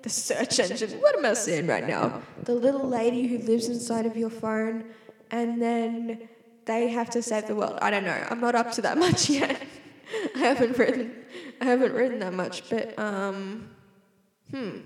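A woman's voice: a little high, normal speed. Rambling Australian young woman, echoey room. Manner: giggly, scattered, self-interrupting. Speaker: vlogger. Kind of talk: rambling casual monologue. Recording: echoey room with long reverb.

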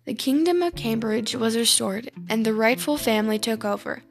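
A woman's voice: a little high, normal speed, gravelly. A woman reading a spooky fairy tale aloud in a dramatic storytelling manner.

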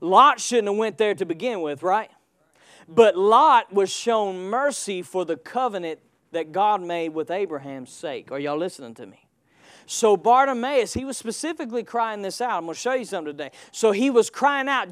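A man preaching a sermon, calling out to the congregation and building to shouts. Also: very high-pitched, animated, unhurried, clear, resonant tone, dry recording, studio quality. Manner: call-and-response preaching, rising to shouts.

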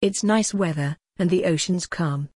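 A woman voicing a kind, caring woman in a storybook, speaking gently and low. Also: moderate pace, breathy edge, no room sound, studio quality. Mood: gentle.

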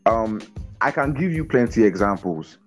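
Young adult man, guest voice on a video call, lowish pitch, eager and repetitive, faint music behind. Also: normal speed. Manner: energetic, repeats words, laughs often. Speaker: guest on a business podcast. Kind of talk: casual interview talk.

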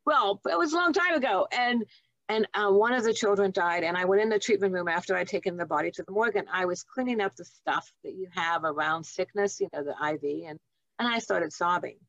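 A woman's voice: medium pitch, fairly quick, fairly bright tone, no room sound, highs cut off. Older woman telling heartfelt stories. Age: 70s. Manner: heartfelt, reflective storytelling. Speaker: guest, nurse and author. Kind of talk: storytelling interview.

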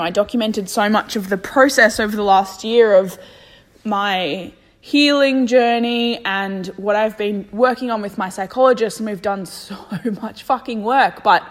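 A woman's voice: medium pitch, fairly bright tone. A young woman talking candidly in a reflective personal vlog, thinking aloud and swearing freely. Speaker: vlogger.

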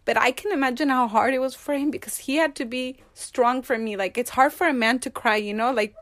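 A woman's voice: high voice, a little fast, fairly bright tone, no echo, studio quality. Emotional bilingual woman. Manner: emotional, switches between English and Spanish. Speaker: guest. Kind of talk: personal interview conversation.

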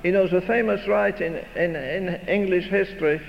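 Older male preacher, high voice, emphatic rhetorical delivery, faint noise on the tape. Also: a little slow, gravelly. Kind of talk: sermon. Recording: dull recording in a reverberant hall, faint noise.

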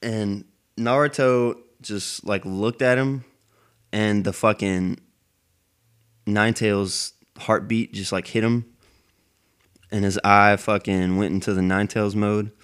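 A man's voice: on the low side, steady tone, unhurried, pauses often, fairly bright tone, clear, resonant tone. A man rambling in a casual monologue, cursing heavily as he goes. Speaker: anime fan vlogger.

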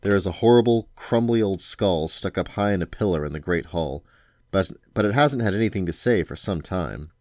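A man's voice: deep voice, lively intonation, moderate pace, darkish tone, no echo, studio quality. A man voicing a fierce, insistent woman pleading for answers in a storybook. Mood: urgent pleading. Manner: urgent and insistent. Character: fierce, eager grown woman pleading with a cat. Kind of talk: storybook read-aloud.

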